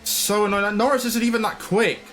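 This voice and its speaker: A man's voice: sits high, fairly even intonation, brisk, a bit bright, slight background noise. A man commentating his own racing game, frustrated and ranting. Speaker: gaming channel host.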